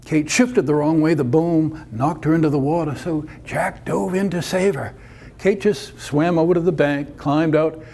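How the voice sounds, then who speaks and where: A man telling a story aloud in a conversational, unhurried way. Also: on the high side, fairly even intonation, mellow. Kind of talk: told story narration.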